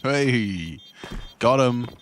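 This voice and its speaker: A man's voice: medium pitch, lively intonation, very slow, a little hiss or hum. A man giving live color commentary as an esports caster, with playful, silly asides.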